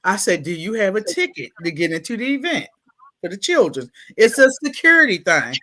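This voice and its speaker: A woman's voice: mid-range voice, brisk. A woman with a Baltimore accent telling stories casually in an interview, laughing and acting out what people said. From Baltimore, USA. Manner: animated, laughing, acts out quotes in exaggerated voices. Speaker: guest, school staff.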